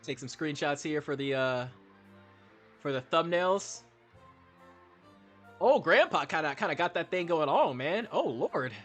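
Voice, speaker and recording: Man, casual let's play talk, rambling and profane, animated pitch, faint game music. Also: unhurried, long pauses. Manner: rambling, swearing, musing aloud. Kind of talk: casual gameplay commentary.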